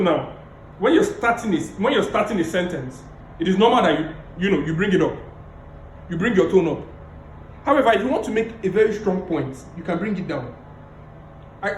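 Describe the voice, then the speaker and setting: A man giving a public speaking lecture over a video call, emphatic and repeating key phrases, deliberately playing his tone up and down. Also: high voice, reverberant, a little hiss or hum, poor audio. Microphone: video call mic.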